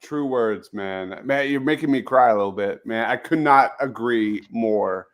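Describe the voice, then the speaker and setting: A man's voice: mid-range voice, a little slow. A man hosting a casual sports talk show, reading out viewer comments and laughing easily. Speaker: podcast host.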